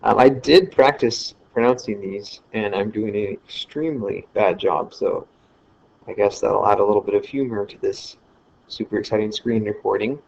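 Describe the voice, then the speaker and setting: A man's voice: on the low side, moderate pace, creaky, a little mellow, a little hiss or hum. A man giving a casual screen-recorded lecture, talking loosely with fillers and correcting himself as he goes. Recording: slightly dull lo-fi screen recording.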